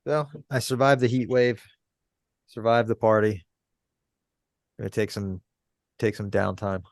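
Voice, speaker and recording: A man co-hosting a podcast in candid casual chat, laid-back and quick to laugh. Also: lowish voice, no room sound, studio quality. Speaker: podcast co-host.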